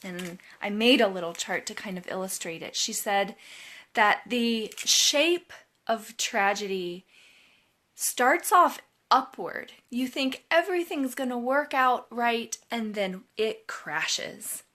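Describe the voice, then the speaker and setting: A woman advisor giving an inspirational storytelling talk, deliberate and repeating words for emphasis. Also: on the high side, animated, sharp tone. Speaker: college advisor.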